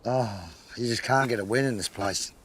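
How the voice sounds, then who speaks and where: An Australian man working as an opal miner, chatting casually in a rough-and-ready way while working outdoors. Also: medium pitch, normal speed, fairly bright tone, a little hiss or hum. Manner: rough-and-ready, tags "mate" and "eh". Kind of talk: casual outdoor work chat. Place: outdoors at an outback mine site. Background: background music.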